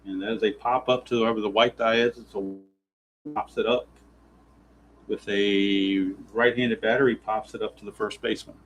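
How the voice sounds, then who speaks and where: A man's voice: on the low side, fairly even intonation, normal speed, fairly bright tone, a little hiss or hum, low-quality recording. Grumbling man narrating a dice baseball game. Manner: exasperated, sarcastic grumbling about dice rolls. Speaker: tabletop baseball simulation player narrating. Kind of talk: play-by-play style game narration.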